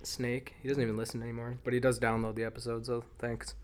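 A man's voice: mid-range voice, little pitch movement, quick pace. Laid-back young guy. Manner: laid-back, slangy, drifting. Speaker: podcast co-host. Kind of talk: casual chat.

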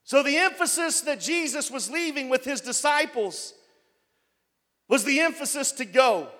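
A man preaching a sermon as pastor, building up to loud shouted passages. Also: very high-pitched, lively intonation, moderate pace, long reverb tail. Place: church.

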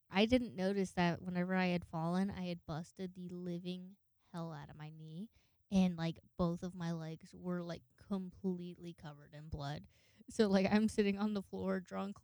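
A woman's voice: fairly low pitch, fairly even intonation, normal speed, darkish tone, no room sound, studio quality. Rambling, swearing young woman telling a story. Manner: rambling, swears a lot, acts out voices in quotes. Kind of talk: casual storytime monologue.

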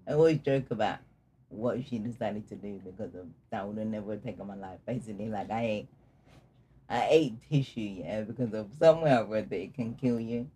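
A young man telling a personal story in casual conversation, candid and laughing through dark memories. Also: lowish voice, a little fast, husky. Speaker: guest telling his story.

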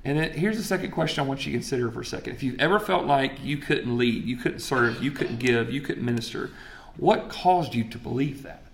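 A man's voice: medium pitch, lively intonation, fairly quick, vocal fry. A man, preaching a sermon in a conversational way and asking the crowd questions. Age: 40s. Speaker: pastor.

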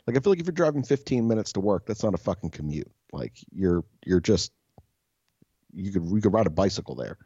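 Young guy cohosting a podcast, kinda husky, lowish voice, swears a lot and jokes on himself, muffled dry sound. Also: sing-song, a little fast, dark tone, dry recording. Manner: profane, joking, self-mocking storyteller. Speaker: podcast co-host. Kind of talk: casual chat.

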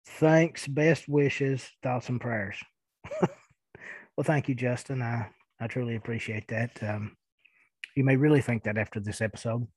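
A man's voice: medium pitch, no room sound. A man in his thirties with a thick Eastern Kentucky accent, hosting a podcast and answering listener emails in a rambling, chuckling way. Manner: chuckling, rambling, halting with fillers. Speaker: podcast host. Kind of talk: casual listener-mail chat.

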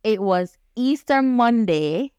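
A woman's voice: fairly high pitch, slow, smooth, dry recording. A young woman, telling a candid story on a podcast and acting out the dialogue. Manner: animated, acts out quoted dialogue.

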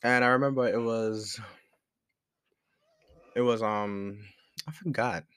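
A man's voice: medium pitch, steady tone, slow pace, fairly bright tone, smooth, no echo. A young man hosting a podcast, telling a personal story in a candid, rambling way with slang and frequent restarts. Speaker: podcast host. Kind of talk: casual storytelling monologue. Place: room with a squeaky chair.

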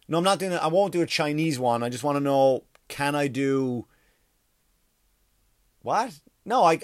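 A man's voice: a little high, no room sound, studio quality. A man doing a comedy monologue, rambling and profane, with many "like" and "you know" fillers, from a workspace. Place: workspace across from a school.

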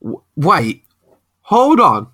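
A man chats about comics with a lively, bouncy pitch and keeps laughing as he goes. His talk is loose and slangy. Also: extremely slow. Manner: giggly, animated, slangy. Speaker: podcast co-host. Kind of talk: casual comic-book chat.

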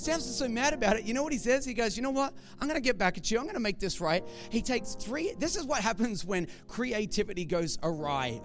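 A man with a strikingly high voice preaching a sermon. He tells the story in a conversational, joking way and speaks directly to the congregation. Faint music plays underneath.

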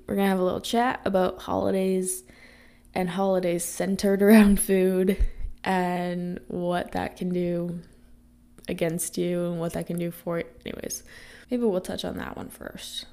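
A young woman from Canada hosting a casual solo podcast, rambling and chatty, her voice raspy from a coming cold. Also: lowish voice, normal speed, dark tone. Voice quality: gravelly. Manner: chatty, rambling with many fillers. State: getting sick, raspy voice. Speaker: podcast host. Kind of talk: casual chat.

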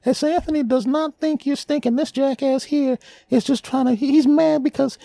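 A man voicing a shrill, fussy male sidekick who scolds and defends the host in a comedy podcast sketch. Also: fairly even intonation, moderate pace, gravelly, warm tone, no echo. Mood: scolding. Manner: squeaky and scolding.

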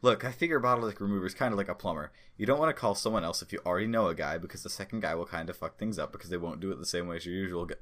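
A man's voice: low-pitched, racing, hardly any pauses, a bit bright. A man voicing a flippant, teasing male agent who talks in a breezy, mocking way.

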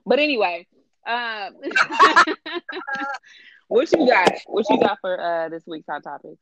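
A woman's voice: medium pitch, very animated, slow, a loud crowd, poor audio. A woman co-hosting a casual chat show, blunt and sassy with a lot of slang. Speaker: podcast co-host.

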